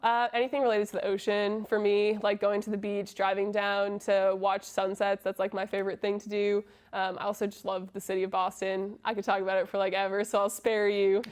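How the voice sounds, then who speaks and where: Flat-toned young woman, filler-heavy chat. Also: medium pitch, brisk, hardly any pauses, smooth. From Massachusetts, USA. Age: 20s. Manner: friendly, lots of um fillers. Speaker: college soccer player. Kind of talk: casual interview answers.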